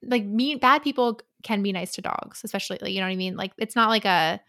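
Young woman chatting about a book, bright sharp voice, dry sound. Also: medium pitch, fast talker, no echo. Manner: chatty, tries out character voices and accents. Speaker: podcast co-host. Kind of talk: casual book chat.

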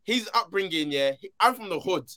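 Animated London man, lively bright voice. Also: high voice, brisk. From London, England. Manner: animated, playful banter, emphatic repetition. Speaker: podcast co-host. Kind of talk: casual group chat.

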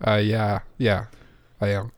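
Deadpan man playing along on a call. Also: lowish voice, slow, dry recording, studio quality. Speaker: prank caller. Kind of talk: comedic phone prank banter.

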